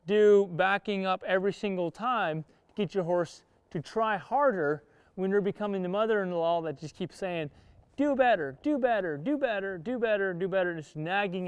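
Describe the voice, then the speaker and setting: A man's voice: sits high, clean tone, dry recording. A man teaching horse training while riding, coaching the horse in short words and explaining to viewers in plain-spoken cowboy talk. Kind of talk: instructional riding lesson. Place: outdoor riding arena.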